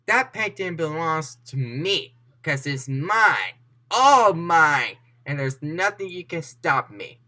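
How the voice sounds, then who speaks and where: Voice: medium pitch, animated, a little slow, few pauses. Narrator putting on a greedy thieving villainess. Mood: defiant. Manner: defiant, possessive shouting.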